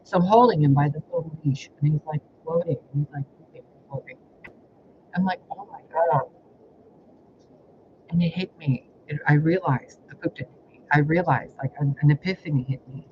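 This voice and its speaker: A fairly high-pitched male voice at normal speed belongs to a spiritual reader recounting his life in a casual vlog. His stories ramble, and he sounds exasperated and curses a lot. Faint hiss runs under the dull, lo-fi sound.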